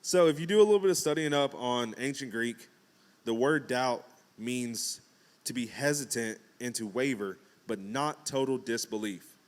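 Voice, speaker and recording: A man's voice: medium pitch, moderate pace. Man preaching a casual, joking sermon. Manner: conversational, acts out quotes with jokes and asides. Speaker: pastor.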